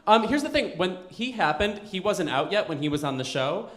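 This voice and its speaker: A male stand-up comedian with a flamboyant, quick, auctioneer-like delivery. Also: sits high, sing-song, fairly bright tone, roomy sound. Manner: quick, flamboyant, self-described effeminate auctioneer energy. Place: comedy club stage.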